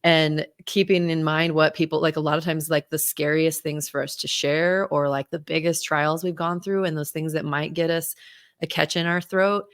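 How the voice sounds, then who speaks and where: A woman's voice: deep voice, level tone, normal speed, clean tone, no room sound, clean studio sound. A woman hosting a podcast and coaching speakers, talking in an encouraging, affirming way. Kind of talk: conversational interview.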